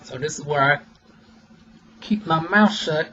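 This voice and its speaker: A young man who's a vlogger and aesthetician chats sassily and expressively to his viewers, calling them "honey" and "y'all." His voice is a little high and unhurried, and the recording is muffled with slight background noise.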